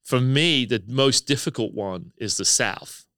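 This is an animated man in his fifties from England whose English accent has softened over decades in the States. His voice is smooth and clear, with fast talk and plenty of fillers. It sounds dry and close to the mic. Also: mid-range voice, no room sound. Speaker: pastor and hospice chaplain. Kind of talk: casual podcast chat.

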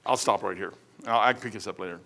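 A man's voice: fairly low pitch, fast talker, fairly bright tone. A middle-aged man preaching a casual sermon, folksy and rambling, drifting off into stories before coming back to scripture. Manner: folksy, rambling, wanders off topic into anecdotes.

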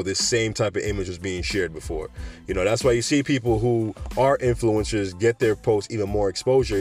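A man's voice: lowish voice, a little mellow. A man hosting a podcast in a casual, rambling monologue, drifting off topic and chuckling often. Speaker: podcast host.

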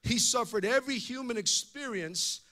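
A man's voice: extremely high pitch, normal speed, bright, forceful tone. A male pastor preaching a sermon in an impassioned way, often repeating words as he goes.

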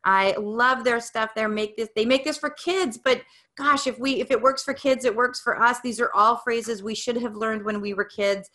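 A woman's voice: on the high side, steady tone, normal speed, sharp tone. A middle-aged woman giving an upbeat, encouraging motivational talk, coaching the listener. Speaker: speaker on growth mindset.

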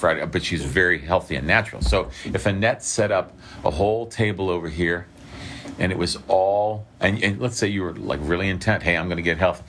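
This preacher has a low, slightly bright voice, and a faint hiss or hum runs under the recording. His sermon is conversational, full of restarted sentences and frequent "okay?" check-ins with the audience.

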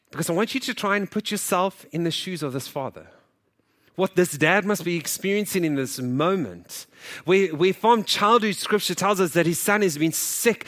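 A man's voice: on the high side, fairly bright tone. A man preaching a sermon, talking in a conversational way, his voice swelling and dropping for emphasis as he acts out quoted voices. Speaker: pastor.

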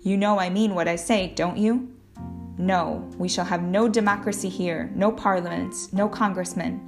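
A woman's voice: lowish voice, steady tone, normal speed, lightly acted. A woman reading the part of a cold, contemptuous male ship captain in a firm, commanding voice. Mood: stern. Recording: guitar music playing underneath.

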